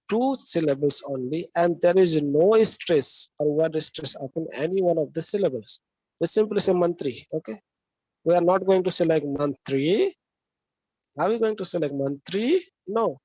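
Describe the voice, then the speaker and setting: Lecturer, male, Indian English accent, fairly high voice, dry close sound, keeps asking "okay?". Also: a little mellow, no echo, poor audio. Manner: talks with frequent "okay?" checks and questions to students. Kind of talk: classroom lecture.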